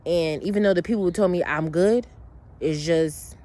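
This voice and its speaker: In a casual monologue, a woman tells a long personal story, blunt and emotional, swearing freely and rambling through restarts and asides. Her voice is fairly low and warm, and she speaks at a moderate pace.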